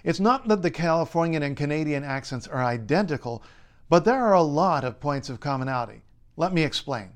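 A male linguist narrates a scripted explainer in a slightly high voice. He sounds clear and wry, with light humor running through the read. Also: animated, a little fast. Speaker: linguist and writer.

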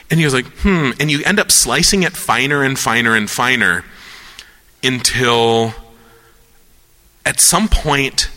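A man talks through ideas in a loose, rambling way, slipping into little voices for the people he quotes. His tone is very bright and forward, and the sound carries a long hall reverb. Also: medium pitch. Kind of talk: casual philosophical chat.

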